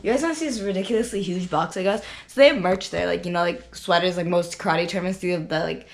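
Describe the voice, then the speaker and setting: A hoarse young woman from Canada, chatting casually to camera as a vlogger, rambling with lots of fillers. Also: lowish voice, fast talker. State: hoarse, losing her voice. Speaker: vlogger and karate competitor. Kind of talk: casual vlog chat to camera. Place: hotel room.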